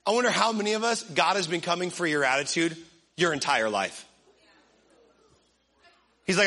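A young man delivers a lively church sermon in a high, ringing voice. He keeps it conversational and funny, acting out everyday moments before landing the point. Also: normal speed, pauses often. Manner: energetic, joking, acts out little scenes in funny voices. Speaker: pastor.

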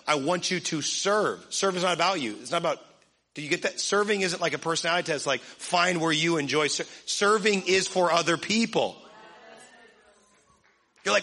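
A young man preaching a sermon to a congregation, energetic and joking, acting out funny little scenes. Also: high voice, a little slow, vocal fry. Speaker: pastor.

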